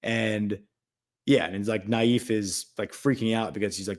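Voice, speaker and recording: Man, lowish voice, casual rambling storyteller, lots of "like" and "um". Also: fairly even intonation, normal speed. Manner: rambling, filler-heavy, acts out quotes. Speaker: podcast host.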